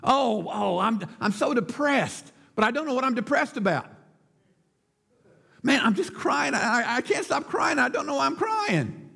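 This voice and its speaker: A man's voice: extremely high pitch, sing-song, normal speed, vocal fry, sharp tone, husky, voice pushed up, exaggerated voice. A male preacher mocking a depressed, confused person who stammers and whines, with long church reverb. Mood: whiny. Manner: stammering, whiny. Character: weepy, depressed, confused adult.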